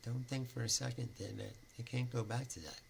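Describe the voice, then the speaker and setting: A man's voice: mid-range voice, fairly even intonation, a little fast, gravelly, a little hiss or hum. A man hosting his own talk show, telling a story in a loose, swearing monologue and laughing at his own jokes. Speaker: podcast host.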